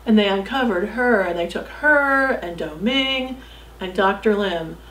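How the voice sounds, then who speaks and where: A woman telling a missionary story to children, with dramatic shifts from loud calls to soft whispers. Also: medium pitch, lively intonation, unhurried, reverberant, slight background noise, low-quality recording. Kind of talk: storytelling narration.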